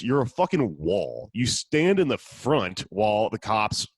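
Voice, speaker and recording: A man's voice: on the low side, very animated, a little slow, husky, dry recording, clean studio sound. A man hosting a casual podcast, telling a story in a profane, sardonic way. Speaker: podcast host.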